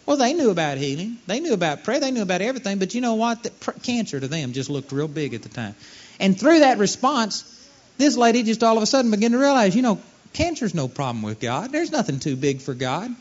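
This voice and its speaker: Animated high-voiced male preacher. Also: brisk. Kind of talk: sermon. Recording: dull lo-fi sermon recording.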